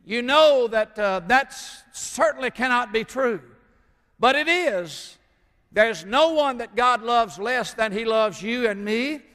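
An older man preaching to his congregation in a folksy, storytelling way, joking and pausing often with "uh". His voice sits high for a man, and the church sanctuary gives it a long, ringing reverb. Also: fairly bright tone. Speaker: pastor. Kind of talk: sermon.

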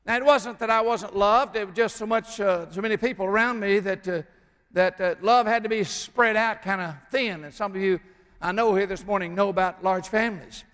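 An older man preaching to his congregation in a folksy, storytelling way, joking and pausing often with "uh". His voice sits high for a man, and the church sanctuary gives it a long, ringing reverb. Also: fairly bright tone, clear, resonant tone. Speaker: pastor. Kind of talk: sermon.

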